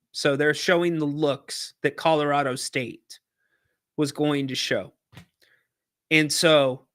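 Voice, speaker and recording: A man hosting a podcast, telling a casual story in an animated way and acting out shouted quotes. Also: fairly high pitch. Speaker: podcast host.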